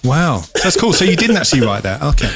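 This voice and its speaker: A man's voice: on the high side, big pitch swings, fast talker, over music. Teasing man co-hosting. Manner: teasing and playful. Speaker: podcast co-host. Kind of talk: casual chat on a live video call.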